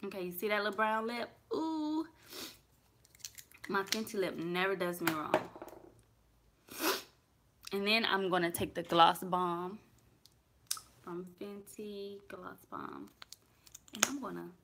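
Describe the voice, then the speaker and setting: A woman's voice: medium pitch, steady tone, measured pace, pauses often. A young woman chatting casually through a makeup tutorial in her bedroom, talking to viewers and thinking aloud as she works. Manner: chatty, talks to viewers as y'all, thinks aloud while working. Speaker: beauty vlogger. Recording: clear background noise.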